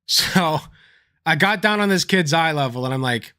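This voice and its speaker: Bright-voiced man streaming casual commentary. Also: a little high, animated, moderate pace. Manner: swears casually, tells anecdotes with laughing asides. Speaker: livestream host.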